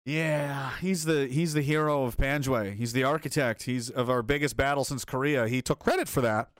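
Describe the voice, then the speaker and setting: A man's voice: medium pitch, normal speed, fairly bright tone, no echo, clean studio sound. A man hosting a livestream and reading chat aloud, riffing sarcastically with lots of swearing and laughter.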